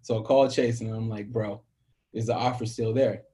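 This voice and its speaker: A young man from the American South, a musician, telling his story in an interview with lively acted-out dialogue and frequent laughs. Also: on the low side, normal speed. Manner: animated storyteller, acts out quoted dialogue, laughs often. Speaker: musician guest.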